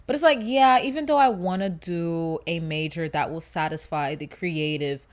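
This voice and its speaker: A woman's voice: on the low side, normal speed. Chatty slangy young woman vlogger. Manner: chatty, animated, slangy, rambling asides. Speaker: YouTuber. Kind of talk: casual chat to camera.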